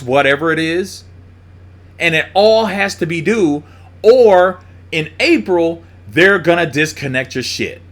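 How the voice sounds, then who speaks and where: A man's voice: sits high, a bit bright. A man giving a blunt, profane monologue on prices and bills, mocking people as he goes. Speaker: commentator. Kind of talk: opinionated monologue.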